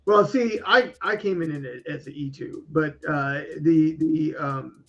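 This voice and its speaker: A man with a high, husky voice tells army stories in casual podcast chat. He stops and restarts often and stumbles over fillers. The sound is a little muffled and lo-fi. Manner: halting, many restarts and fillers.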